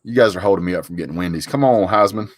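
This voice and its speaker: Man, casual live stream chatter, lowish voice, jokey, chatty. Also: racing, no echo. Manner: chatty, laughs at own jokes, reacts to viewer comments.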